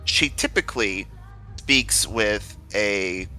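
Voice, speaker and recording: A man's voice: lowish voice, slow pace, soft background music. A man joining a game stream, telling stories and joking in a casual chat. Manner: animated, joking storyteller.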